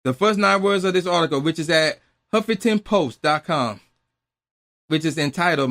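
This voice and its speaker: Bright, lively male vlogger, incredulous ranting commentary. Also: on the high side, moderate pace. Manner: exasperated, incredulous, swears freely.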